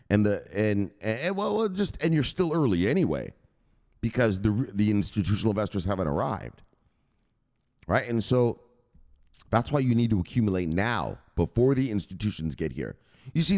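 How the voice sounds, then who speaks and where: A man hosting a crypto channel in a brash, profane ranting monologue. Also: fairly low pitch. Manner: brash, profane, shouts "bang".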